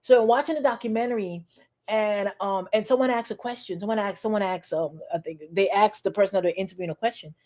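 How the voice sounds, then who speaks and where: A woman's voice: medium pitch, fast talker, darkish tone. A woman pastor giving a sermon in a conversational, repetitive, playfully sarcastic way.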